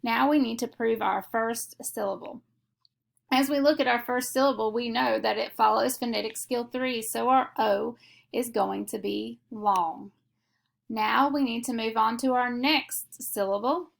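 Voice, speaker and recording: A woman teaching a phonics lesson, explaining each step slowly and methodically. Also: on the high side, vocal fry. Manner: slow, deliberate, methodical explanation.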